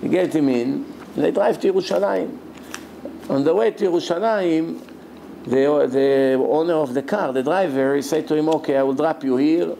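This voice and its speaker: A rabbi tells a story to his listeners, slipping into the characters' voices as he goes. His voice is fairly high for a man, yet gravelly and mellow. A faint hum of ambient noise sits behind him. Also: moderate pace. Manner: animated storyteller who acts out voices, chuckling. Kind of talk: sermon storytelling.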